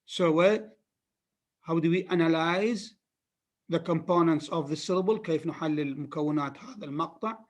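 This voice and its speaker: A man's voice: on the high side, quick pace. A man with an Arabic accent giving a phonetics lecture, repeating key terms emphatically for students. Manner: repetitive, emphatic teaching with many restarts.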